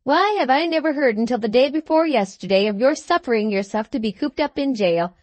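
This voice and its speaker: Lady reader doing a jolly old gent, loud and exclaiming, pitched up, dry close sound. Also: animated, a little fast, dry recording. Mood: hearty. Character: hearty jolly old country gentleman.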